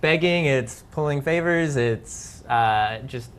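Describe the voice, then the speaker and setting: A man's voice: mid-range voice, slow pace, fairly bright tone, slight background noise. A man co-directing a web series, talking on a live panel and trailing off mid-sentence. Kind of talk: casual panel talk.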